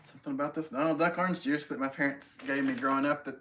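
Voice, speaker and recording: A man's voice: mid-range voice, steady tone, quick pace, sharp tone, a little hiss or hum. A man hosting a casual live stream at home, greeting viewers by name and chatting in a friendly, self-deprecating way. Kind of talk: casual chat reading viewer comments.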